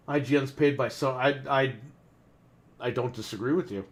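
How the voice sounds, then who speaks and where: A man's voice: on the high side, moderate pace. A man co-hosting a gaming podcast, ranting casually, in a heated and profane way. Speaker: podcast co-host. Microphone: desk microphone.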